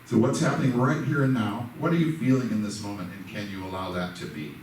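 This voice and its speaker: A fast-talking man with a lowish, darkish voice delivers a conversational church lesson built on personal stories, poking fun at himself and voicing the people he quotes. The sanctuary sounds echoey, the mic is far away, and there's faint noise.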